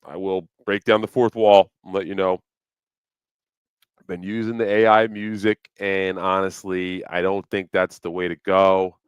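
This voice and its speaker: A man with a low, smooth voice chats loosely on his livestream, swearing freely and wandering between topics with lots of fillers. The sound is close and dry, with no room echo at all. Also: level tone, a little slow. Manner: loose, profane, rambling with fillers. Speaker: livestream host. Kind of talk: casual livestream chat. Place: home, New York City.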